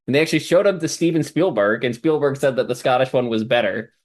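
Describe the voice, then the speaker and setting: A man's voice: mid-range voice, fast. A man who is a guest on a film podcast, speaking in casual chat with hesitant "uh"s and restarts.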